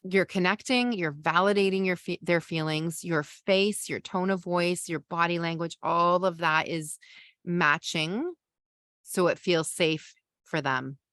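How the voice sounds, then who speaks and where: A woman's voice: on the low side, measured pace, fairly bright tone, dry recording. A woman, a parenting coach and podcast host, teaching a masterclass in a conversational way and explaining with everyday examples.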